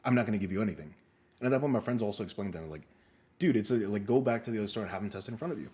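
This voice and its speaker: A young man co-hosting a casual podcast, telling animated stories, swearing often and acting out what people said. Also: on the low side, very fast. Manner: animated storyteller, swears a lot, acts out quotes. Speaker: podcast co-host. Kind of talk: casual storytelling chat.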